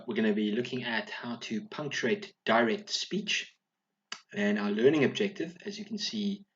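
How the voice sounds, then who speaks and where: A man teaching a recorded video lesson to young schoolchildren, speaking clearly and encouragingly, often checking in with "all right?". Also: medium pitch, highs cut off, a little hiss or hum.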